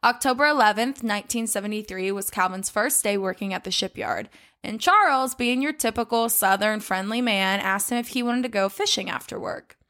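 A woman's voice: medium pitch, brisk, a bit bright. A young adult woman co-hosting a podcast, telling a story in casual chat with lots of fillers and some swearing. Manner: chatty, swearing, many "like" fillers. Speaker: podcast co-host.

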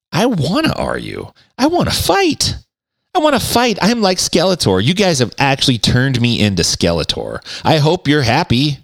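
A man hosts a podcast from his home den with lively, swooping intonation. He rants in a profane, sarcastic way, and his mic sound is close and dry. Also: mid-range voice, no echo. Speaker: podcast host. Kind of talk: casual comedic rant. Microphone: studio microphone.

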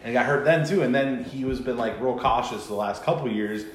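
A man's voice: medium pitch, a little fast. A man chatting casually about football in a laid-back, rambling way, hedging often. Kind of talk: casual chat. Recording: echoey room, faint ambient noise.

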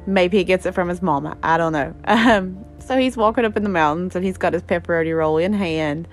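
A mother from West Virginia chats and laughs while rambling through stories about her children, casually storytelling to viewers. Her voice is lowish and a little fast, with faint music behind.

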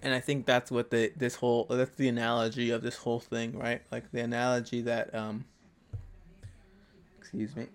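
A man's voice: mid-range voice, flat delivery, normal speed. A young man hosting a podcast, delivering a blunt, rambling motivational monologue full of swearing. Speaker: podcast host.

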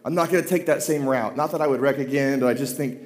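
A pastor in his thirties telling a self-deprecating, animated story from the pulpit. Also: medium pitch, fast talker. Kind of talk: storytelling sermon. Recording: long hall reverb.

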